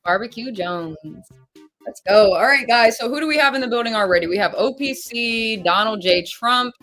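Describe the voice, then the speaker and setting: Bright-voiced woman hosting a live stream. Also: on the high side, normal speed, faint music behind. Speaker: stream host. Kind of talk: casual livestream chat.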